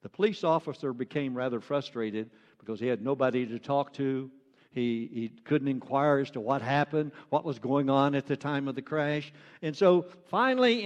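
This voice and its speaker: A man's voice: on the high side, in a large hall. A man preaching a sermon as pastor, earnest and repeating phrases for emphasis.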